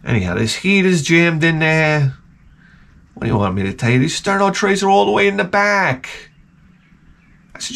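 A man's voice: very animated, normal speed, creaky, pauses often, fairly bright tone. Profane rambling storyteller man. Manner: profane, rambling, frequent restarts; jumps up in pitch to act out quoted people. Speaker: video host. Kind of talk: casual rambling anecdote.

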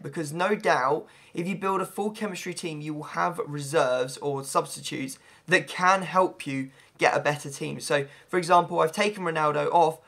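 Man, hoarse and gravelly, bright fairly high voice, excitable rambling game commentary. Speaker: gaming YouTuber. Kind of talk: gameplay commentary.

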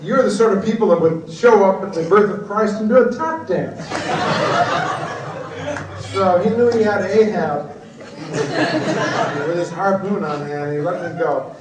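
A man, a guest speaker at a book conference, tells stories in an animated, blunt, profane way, swinging from low asides to loud shouted outbursts. He speaks unhurriedly with long pauses. His voice comes through a PA system in an echoey conference hall, taped from the audience on a cassette recorder, so the mic sounds distant and the background is noisy.

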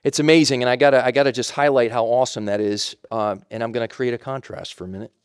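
A man's voice: medium pitch, steady tone, quick pace, clean tone, no echo, clean studio sound. A man preaching a sermon in a conversational way, with emphatic repetition and frequent self-corrections. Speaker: pastor.

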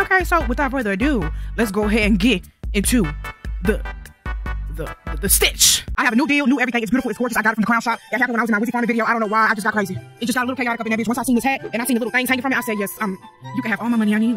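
Young youtuber ranting over gameplay, sassy n swearing a lot, bright tense voice, faint music behind. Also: mid-range voice, very fast. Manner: sassy, rambling, profane trash talk. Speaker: gaming YouTuber. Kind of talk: casual gameplay commentary.

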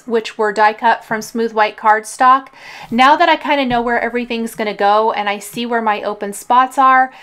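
A woman hosting a card-making tutorial, calmly explaining each coloring and gluing step in a relaxed, chatty way. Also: a little high, smooth. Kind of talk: craft tutorial voice-over.

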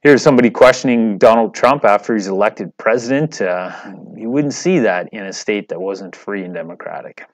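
A man's voice: lowish voice, expressive, moderate pace, few pauses, dry recording. A man teaching a class, lecturing over slides in a conversational, digressive way and putting questions to his students.

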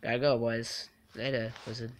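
A young man casually commenting on his own game live, excitable and quick to get frustrated at other players. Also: mid-range voice, slight background noise. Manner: excitable, swings from mumbling to yelling in frustration. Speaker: game streamer.

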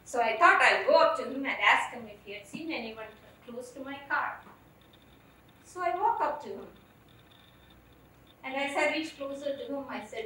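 A woman telling a personal story on stage in an earnest, emotional way, with deliberate phrasing, picked up from a distance. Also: high-pitched, animated, sharp tone. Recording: echoey stage from far off.

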